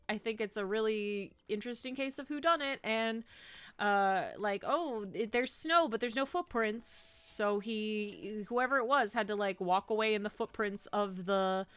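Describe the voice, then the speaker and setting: Brief: woman game streamer, unhurried casual chat at a home desk mic, dry close sound. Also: medium pitch, smooth, no room sound. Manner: animated, says 'ew' and 'icky' with disgust, ranting.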